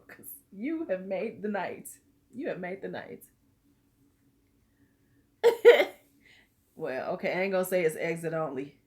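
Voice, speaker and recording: A middle-aged woman chatting on a live stream in a slightly low voice. She is loose, bawdy and quick to tease her viewers. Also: darkish tone. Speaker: host of a live beauty chat.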